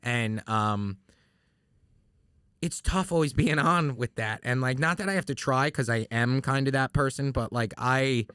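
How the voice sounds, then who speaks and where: A man's voice: medium pitch, a little slow, a bit bright, clear, resonant tone, no room sound. A man from New York, talking as a guest in a casual podcast chat, rambling with lots of swearing and restarts. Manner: rambling, profane, many restarts.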